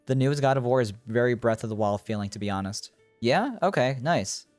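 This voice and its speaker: A man's voice: medium pitch, expressive, a little fast, a little mellow, soft background music. A man streaming a video game, thinking aloud in casual commentary and chatting with his viewers. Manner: rambling, thinking aloud while playing; chats with viewers.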